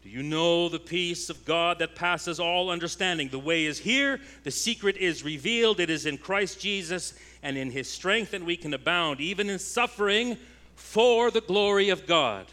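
A man preaching with a bright, forceful, somewhat high voice. He swings between ringing, emphatic declarations and quiet, intense stretches, driving each point home in a sermon. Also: moderate pace. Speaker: pastor.

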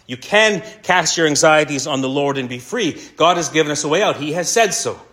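A man preaching a sermon earnestly, slowing down and repeating key lines for emphasis. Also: on the high side, lively intonation, bright, forceful tone. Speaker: pastor.

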